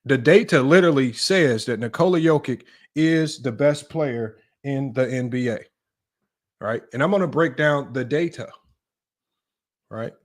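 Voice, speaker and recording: A man hosting a livestreamed sports debate, emphatic and repetitive, often tagging his points with a question. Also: mid-range voice. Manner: emphatic, repetitive, keeps asking "right?". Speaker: sports debate show host.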